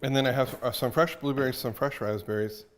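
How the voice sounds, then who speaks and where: A man's voice: medium pitch, steady tone, fast, a little hiss or hum. A man hosting a cooking show from a cottage kitchen, chatting and explaining as he cooks. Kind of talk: casual cooking demo.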